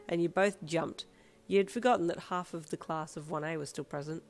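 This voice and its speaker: A woman narrating a fan fiction audiobook in a steady second-person storytelling manner. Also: low-pitched, quick pace, soft background music.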